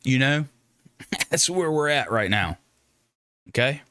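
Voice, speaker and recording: A man's voice: medium pitch, very animated, takes it slowly, sharp tone, clean tone, no echo, studio quality. A man hosting a casual livestream, chatting with viewers in a rambling, joking way with frequent restarts. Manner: rambling, joking, self-interrupting. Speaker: livestream host.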